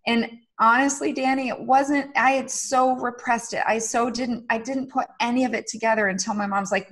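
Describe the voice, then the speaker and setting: A woman's voice: on the high side, fairly even intonation, moderate pace, hardly any pauses, a bit bright. A middle-aged woman guest on a podcast interview, talking candidly and earnestly, with frequent fillers. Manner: earnest, confessional, uses many fillers.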